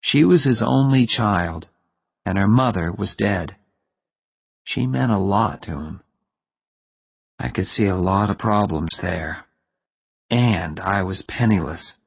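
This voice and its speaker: A man reading a story aloud in a measured, plain way. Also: fairly low pitch, lively intonation, gravelly, breathy edge, in a large hall, highs cut off.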